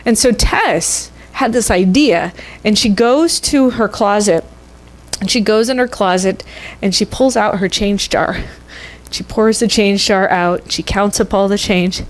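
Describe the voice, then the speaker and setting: A woman minister telling a story in a sermon, conversational and expressive. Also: mid-range voice, unhurried. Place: church sanctuary.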